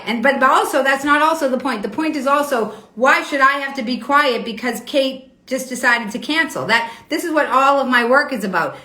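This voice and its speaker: Host type: bright, rather high woman, riled up, defending herself to viewers in an echoey room. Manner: indignant, argumentative, repeats herself. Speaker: host of a weekly live show. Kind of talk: Instagram live stream, reading and answering comments.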